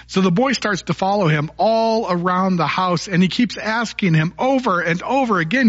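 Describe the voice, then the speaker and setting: A man's voice: sits high, animated, moderate pace, a bit bright, dull audio. A man preaching a sermon as pastor, telling stories and jokes in a folksy way. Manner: storytelling, folksy, punny jokes.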